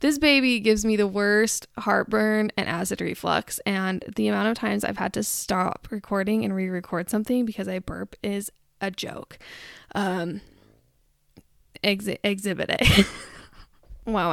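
A woman's voice: medium pitch, creaky, dry recording, studio quality. A woman hosting her own show, chatting and ranting in a rambling, amused, exasperated way. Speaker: host. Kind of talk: casual chat rant.

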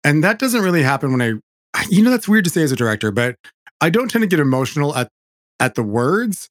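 A man's voice: on the high side, fast talker, dry recording, studio quality. Chatty man hosting a podcast. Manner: animated, self-interrupting, chatty. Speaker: podcast host. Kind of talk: casual chat.

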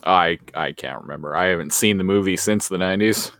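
Low-voiced laid-back man. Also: a little fast, a bit bright, dry recording. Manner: laid-back, dry quips. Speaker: podcast co-host. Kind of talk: casual recap chat.

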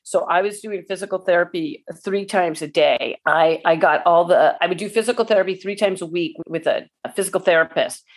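Speaking in a lowish voice, a pickleball player in her forties tells her own story. The telling is emotional and halting, full of restarts.

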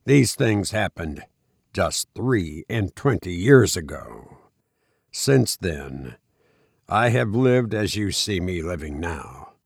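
A bitter old recluse of science speaks low and slow, as a man reads him aloud from a storybook. The voice stays subdued and heavy. It sounds dry and close. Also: creaky, no room sound, heavily acted.

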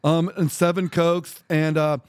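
A man putting on a soft, exaggerated voice as a customer ordering fast food, in a drawling parody. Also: on the high side, level tone, clear, resonant tone, no room sound, pitched below the performer's own voice, natural voice. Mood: mocking.

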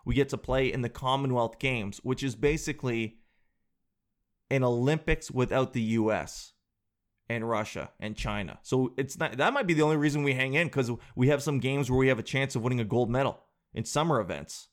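A man from Canada chatting casually on a podcast in an animated, joking, slangy way. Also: mid-range voice, moderate pace. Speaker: podcast host.

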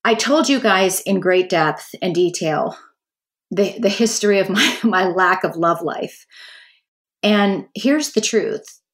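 A woman's voice: medium pitch, expressive, slow. A middle-aged woman hosting a podcast, telling a personal story in a candid, chatty way and talking straight to her listeners. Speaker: podcast host.

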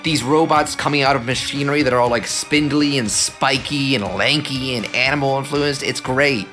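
A man hosting a casual podcast in a mid-range voice, talking with relaxed enthusiasm. He steers the conversation from one segment to the next. Faint music sits under the talk. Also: mid-range voice, normal speed. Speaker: podcast host. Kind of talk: casual chat.

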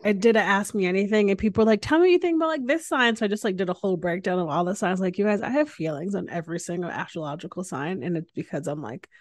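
A woman's voice: on the low side, fast, hardly any pauses, darkish tone, no room sound, studio quality. A young woman from Connecticut hosting a casual interview, chatty and bubbly with many fillers. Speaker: podcast host.

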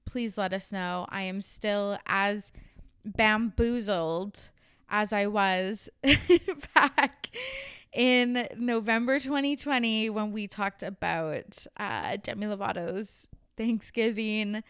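A woman's voice: mid-range voice, slow pace, a bit bright, clear, resonant tone, no room sound, studio quality. A young adult woman hosting a podcast in casual chat, laughing often and swearing freely. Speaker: podcast host.

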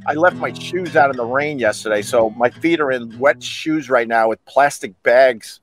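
A man's voice: medium pitch, moderate pace, music in the background. An older man hosting a casual livestream, joking and laughing with his co-hosts. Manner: animated, laughing, teasing. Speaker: livestream host.

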